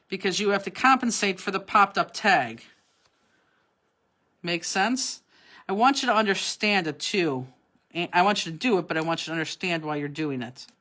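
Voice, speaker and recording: A woman's voice: on the low side, a bit bright. Chatty woman teaching a crafting class. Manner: chatty, instructive, teasing asides. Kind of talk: live online card-making class, casual chat.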